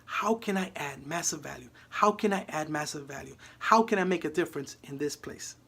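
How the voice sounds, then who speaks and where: An earnest young bag packer muses to himself in a low, hushed voice, as a man puts him on. He sounds thoughtful and sincere. This is a character in a spoken motivational story. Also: fairly quick, gravelly, husky, exaggerated voice. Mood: musing.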